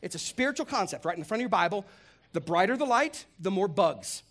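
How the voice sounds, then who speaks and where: Animated man preaching a sermon. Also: sits high, fast talker. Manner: animated, humorous, acts out voices. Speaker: pastor.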